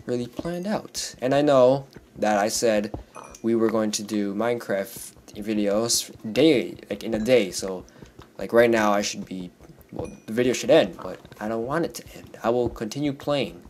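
A teenage boy with a hoarse, worn-out voice, rambling casually through a game commentary and jumping into yelps whenever something scares him. Keyboard typing clicks in the background as he plays. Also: on the low side, moderate pace, a little mellow, a little hiss or hum. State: hoarse from screaming. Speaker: gaming YouTuber. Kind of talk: Minecraft let's play commentary.

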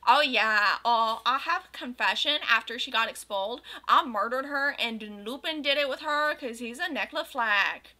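A giddy goth schoolgirl who spills gossip in breathless bursts, as a woman reading a story puts her on. The voice sits high and bright. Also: moderate pace, hardly any pauses. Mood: confiding.

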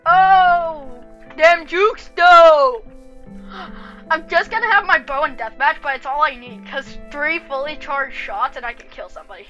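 A woman's voice: sits high, measured pace, a bit bright, dull audio, soft background music. A woman giving cocky, trash-talking commentary over her own gameplay as host of a gaming channel.

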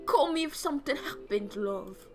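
Figure: swaggering male private investigator, put on by a woman. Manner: slangy and cocky. Loudness: raised. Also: sits high, animated, normal speed, faint music behind.

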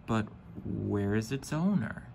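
A man voicing a cautious male train driver who speaks in a measured, sensible way. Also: lowish voice, expressive, creaky, a little mellow, a little hiss or hum, exaggerated voice.

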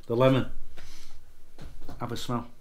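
A man's voice: medium pitch, flat delivery, a little slow, a little hiss or hum. A tipsy man hosting a casual product review, boisterous and jokey, swearing freely as he chats. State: tipsy from drinking. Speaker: snuff reviewer, channel host.

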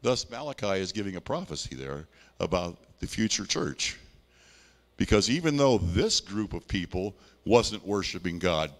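A man's voice: low-pitched, big pitch swings, normal speed, long reverb tail. A man preaching a sermon in a conversational, folksy way, reading scripture and adding plain everyday asides. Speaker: pastor.

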